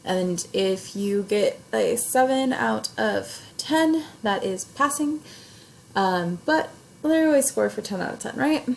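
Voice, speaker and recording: A woman's voice: medium pitch, expressive, slow, vocal fry, slight background noise, poor audio. A young adult woman teacher recording a video lesson, explaining an assignment casually step by step with many fillers. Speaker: English teacher. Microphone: recording herself on camera at home or in class setup.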